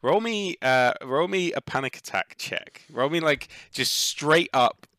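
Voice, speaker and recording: Bright-voiced man running a tabletop game. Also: fairly high pitch, animated, measured pace, dry recording. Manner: rambling, filler-heavy narration. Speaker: game master.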